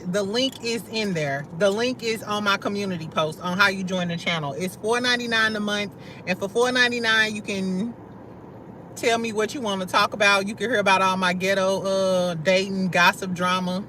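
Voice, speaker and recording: A young woman from St. Louis hosting a casual livestream, talking loud and slangy, swearing freely and laughing often as she answers her chat. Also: mid-range voice, a little fast, slight background noise. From St. Louis, USA. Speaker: livestream host.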